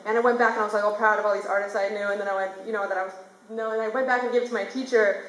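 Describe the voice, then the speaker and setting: A woman's voice: medium pitch, fairly even intonation, racing, a little hiss or hum. A young woman animator talking onstage at a theater, rambling and chatty with lots of fillers. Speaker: animator presenting her work. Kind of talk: casual onstage talk. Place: theater stage. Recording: echoey theater room.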